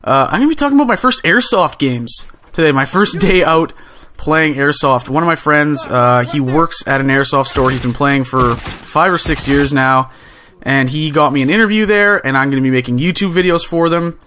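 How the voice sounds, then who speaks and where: A young man tells a story in a relaxed, casual way. His voice sits a little on the high side, and he gets more and more excited as he rambles along. He keeps stumbling over fillers and restarting his sentences. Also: moderate pace, a little hiss or hum. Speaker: gaming channel host.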